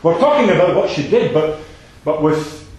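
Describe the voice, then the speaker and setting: Male preacher, slightly higher voice, emphatic with soft asides, booming echoey room. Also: expressive, moderate pace. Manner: emphatic, repeats phrases, swings between loud and soft. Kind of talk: sermon. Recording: very echoey hall.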